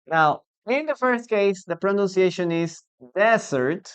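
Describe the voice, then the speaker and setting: A man with a Peruvian Spanish accent teaching an online English lesson, slow and deliberate, repeating words for learners. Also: sits high, clear, resonant tone.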